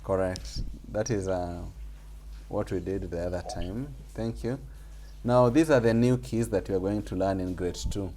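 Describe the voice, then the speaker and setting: A man teaches music theory in an online class, speaking slowly and patiently. His voice is low and dark, and he repeats key points with small fillers. There is a faint hiss of noise behind him. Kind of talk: online group class lesson. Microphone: video call.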